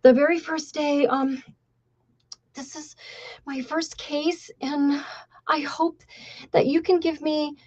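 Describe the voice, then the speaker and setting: A woman voicing a timid, nervous young male lawyer who speaks softly and hesitantly. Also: high voice, level tone, slow, pauses often, lo-fi sound, voice pushed up. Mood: earnest. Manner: hesitant, soft and earnest.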